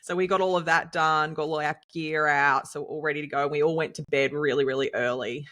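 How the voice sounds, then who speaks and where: An Australian woman co-hosting a podcast, telling a story in a lively, chatty way and laughing often. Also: deep voice, quick pace. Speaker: podcast co-host and nutritionist. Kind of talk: casual storytelling chat.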